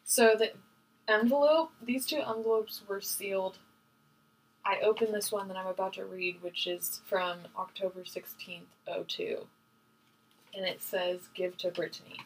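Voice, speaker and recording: A young woman co-hosting a casual podcast with her mother, chatting and slowly reading old letters aloud. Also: mid-range voice, steady tone, slight background noise, poor audio. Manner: reads letters out slowly, emotional. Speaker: podcast co-host.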